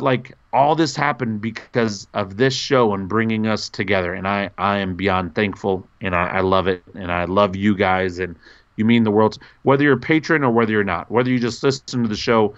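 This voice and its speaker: A man co-hosting a board game podcast, talking in a gushing, animated way with big jumps in pitch when he gets excited. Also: clear, resonant tone. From North Carolina, USA. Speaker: podcast co-host. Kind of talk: casual podcast chat. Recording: dull lo-fi podcast audio.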